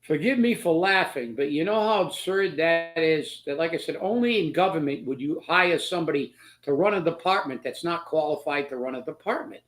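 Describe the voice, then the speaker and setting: A man's voice: a little high, animated, fairly quick, hardly any pauses, a bit bright. A man hosting a political commentary show, talking in a sarcastic, mocking way and laughing as he makes his points.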